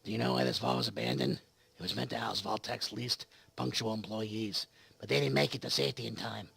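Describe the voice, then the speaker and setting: Guy doing a deep gravelly dweller lady, husky and bright, deadpan puns. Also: a little fast, no room sound, heavily acted. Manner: dry deadpan delivery of bad puns. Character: gravelly woman vault dweller, wry and punning. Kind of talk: reading game dialogue aloud.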